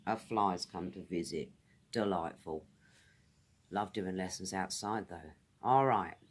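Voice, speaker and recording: A British woman teaching English gives a casual vocabulary lesson outdoors, her voice extremely low with a breathy edge. She's friendly, repeating each word slowly and carefully so learners catch the pronunciation.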